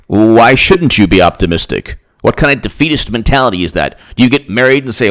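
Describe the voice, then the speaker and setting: Sarcastic man ranting with lively pitch. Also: brisk, few pauses. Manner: sarcastic, repeats himself, mocks others in put-on voices. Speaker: political commentary channel host. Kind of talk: rambling solo political rant.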